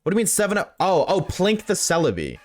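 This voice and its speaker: A young man streaming live, reading chat and reacting in a casual, slangy, excitable way, swearing freely. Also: high-pitched, fast talker.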